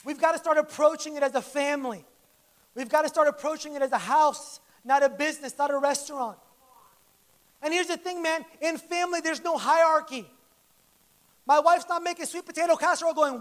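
A man's voice: very high-pitched, brisk. A man preaching a sermon to his church in a conversational, joking way, acting out little quoted lines. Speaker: pastor. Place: church service.

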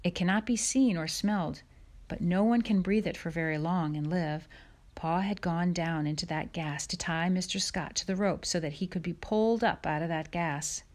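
A woman narrating an audiobook chapter in a measured, soft storytelling manner. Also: fairly low pitch. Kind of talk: audiobook reading.

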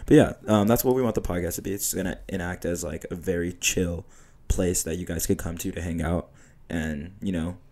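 A man's voice: low voice, steady tone, brisk, darkish tone. A man co-hosting a casual podcast, laid-back and slangy, laughing often. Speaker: podcast co-host. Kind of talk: casual chat.

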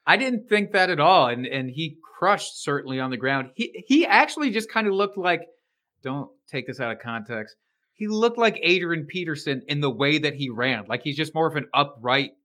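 A man's voice: fairly high pitch, animated, moderate pace, pushed and bright. A man co-hosting a podcast, joking and swearing casually while discussing football. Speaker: podcast co-host. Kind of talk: casual sports betting chat.

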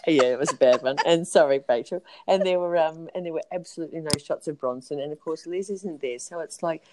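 A woman's voice: sits low, fairly quick, noisy background. A woman co-hosting a casual, rambling chat, talking frankly and swearing casually. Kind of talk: casual reality-TV gossip chat.

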